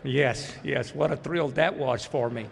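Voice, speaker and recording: A man's voice: medium pitch, measured pace, vocal fry, background noise. A man in his sixties from Mississippi with a Southern accent, giving a folksy, grateful and humorous acceptance speech as a basketball coach. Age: 60s. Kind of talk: hall of fame acceptance speech. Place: large hall. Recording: echoey hall reverb.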